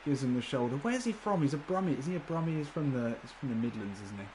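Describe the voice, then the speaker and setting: A man's voice: medium pitch, animated, quick pace, a little mellow, a little hiss or hum. A man commenting live on a football video game, chatty and laughing often, swearing casually and talking to his viewers. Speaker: gaming livestreamer.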